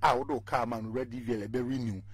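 A man's voice: medium pitch, steady tone, fast. A Ghanaian man speaking as a guest on a radio talk show, arguing his political point with passion and mixing Twi with English.

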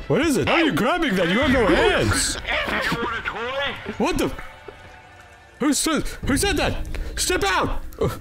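A man's voice: very high-pitched, wildly swooping pitch, measured pace, long pauses, music in the background, heavily acted. A man voicing a dim, easily confused male toy monster in a goofy manner. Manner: goofy, talks to the dog in a silly voice. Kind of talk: comedy skit voice acting.

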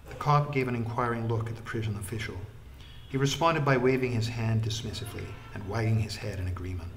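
A man narrating an audiobook in a measured way, trailing into a breathy hush at phrase ends. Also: on the low side, slight background noise.

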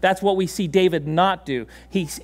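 A man preaching a sermon in a church, animated and laughing often, giving commands to a dog on stage. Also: high-pitched, moderate pace. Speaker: pastor. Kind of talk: sermon with a live dog demonstration. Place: church sanctuary.

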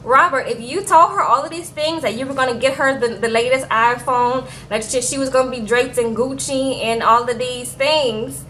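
A woman recapping a reality show in a chatty, animated way, often tagging lines with "okay?". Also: high-pitched, moderate pace, hardly any pauses, slight background noise, low-quality recording. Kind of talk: casual storytelling recap.

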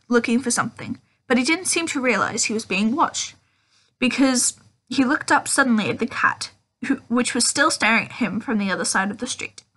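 A woman's voice: fairly high pitch, a bit bright. A woman reading a children's fantasy book aloud, stumbling and restarting now and then. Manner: casual reading with slips and restarts. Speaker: audiobook reader.

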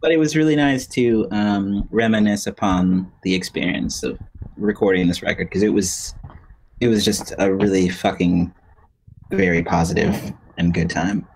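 A man's voice: sits low, steady tone, moderate pace, creaky, darkish tone, a little hiss or hum, low-quality recording. A man chatting casually as a guest musician, laid-back, laughing often and swearing casually. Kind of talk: casual chat.

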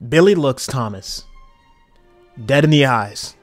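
A man's voice: mid-range voice, animated, slow, soft background music. A young man giving casual, slangy commentary on a cartoon episode, laughing often. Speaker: video commentator.

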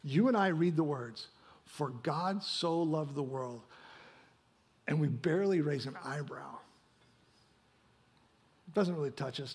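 A man's voice: fairly high pitch, a little mellow, husky. A male pastor delivering a sermon, asking rhetorical questions and tagging points with "right?". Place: church sanctuary.

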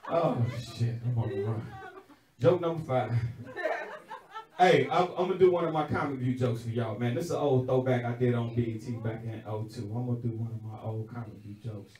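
A middle-aged man doing a crude live stand-up set, muttering then shouting punchlines. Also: medium pitch, brisk. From not from California. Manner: loud, crude, swings between mutters and shouts. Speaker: stand-up comedian. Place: indoor comedy venue stage. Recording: echoey room from far off, loud crowd.

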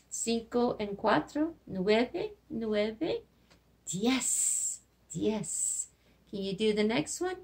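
Slow, gentle woman teaching kindergarten Spanish. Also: on the high side, vocal fry, slightly rough. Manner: slow, gentle teacher talk to young children, mixing Spanish words into English. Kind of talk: children's lesson with songs.

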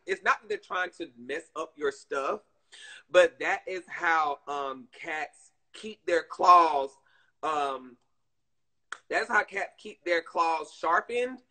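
A bright, slightly higher-pitched man talks to his live-stream viewers. He rambles through stories in a chatty, emotive way, full of fillers and asides. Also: low-quality recording.

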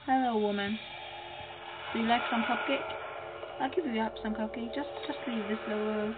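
A woman narrates her horror game playthrough. She talks back to the game's characters in a chatty, excitable way. Her voice sounds narrow and tinny, as if it came down a phone line, with steady noise hissing underneath. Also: a little high, a little fast. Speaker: gamer. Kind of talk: horror game let's-play commentary. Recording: muffled phone-like audio with noise.

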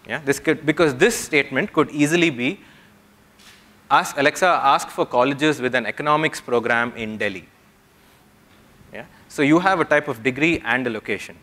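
A man's voice: medium pitch, lively intonation, normal speed, long pauses, sharp tone. Man explaining at a tech conference. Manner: explanatory, checks in with the audience with "yeah?". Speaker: conference speaker. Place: conference hall.

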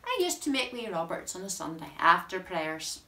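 A woman's voice: on the low side, big pitch swings, normal speed, creaky, pushed and bright, heavily acted. Woman reading as a rueful greying bachelor farmer. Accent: Northern Irish. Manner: broad rural dialect. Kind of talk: poetry reading in dialect. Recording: roomy sound from a distant mic.

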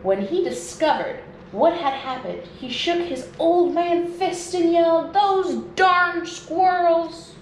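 A woman nature educator reading a children's storybook aloud at home, in a slow and expressive read-aloud manner. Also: high-pitched. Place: indoors at home. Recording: echoey room with faint noise.

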